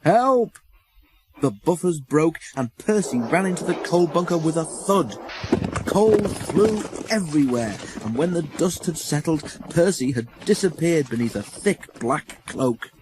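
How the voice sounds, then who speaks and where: A man narrating a children's storybook in a measured, expressive way on a close studio mic. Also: a little high, background noise.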